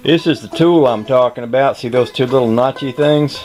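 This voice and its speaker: A man's voice: medium pitch, normal speed, darkish tone, faint music behind. A man chatting casually to the camera in a folksy, wry way while working on his car at home. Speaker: home car mechanic vlogger.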